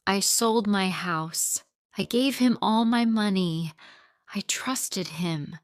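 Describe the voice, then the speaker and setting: Woman reading a learner story slow and steady, smooth voice, dry close sound. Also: mid-range voice, no echo. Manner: simple short sentences, steady and plain. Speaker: narrator. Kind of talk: slow scripted audiobook narration for English learners.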